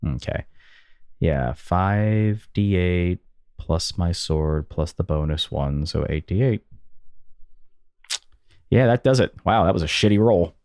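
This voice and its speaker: Guy at a tabletop game counting dice out loud, lowish voice, dry mic. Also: animated, slow pace, long pauses, no echo. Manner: joking, thinks aloud over dice rolls. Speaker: player.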